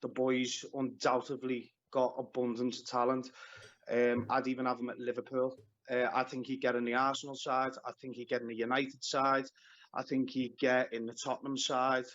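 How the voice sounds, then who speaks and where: A man's voice: mid-range voice, level tone, moderate pace, fairly bright tone. A man calling into a football show, blunt and opinionated. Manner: blunt, opinionated, scolds fans. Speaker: caller. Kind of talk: fan phone-in chat. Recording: dull call audio.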